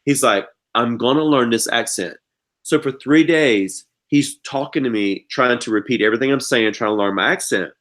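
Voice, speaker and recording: A man's voice: medium pitch, normal speed. A middle-aged man with an Eastern North Carolina accent, telling stories dramatically as a podcast guest. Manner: animated, dramatic storyteller. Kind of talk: casual storytelling chat.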